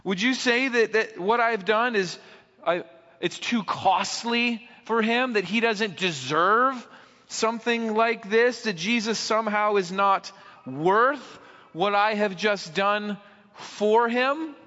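A man's voice: high-pitched, slow, bright, forceful tone, pitched above the performer's own voice, exaggerated voice. A man preacher voicing a woman who indignantly defends her lavish gift, pressing pointed, incredulous questions. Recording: echoey hall, dull lo-fi sound.

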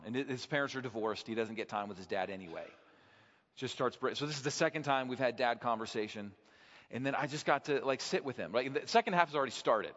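A man's voice: medium pitch, fast talker, a bit bright. A man preaching a sermon, telling a personal story and building to fervent, passionate peaks. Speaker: pastor. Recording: dull sound in a hall with long reverb.

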